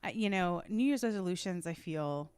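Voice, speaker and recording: A woman in her thirties co-hosting a podcast, chatting casually and telling animated stories with frequent laughter. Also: fairly low pitch, normal speed, smooth, no echo. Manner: laughs often, animated storytelling. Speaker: podcast co-host. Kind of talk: casual chat.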